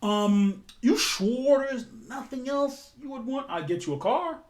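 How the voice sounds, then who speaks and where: A man voicing a wealthy woman hosting guests, coaxing and generous, pitched above his usual voice. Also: lively intonation, unhurried, darkish tone.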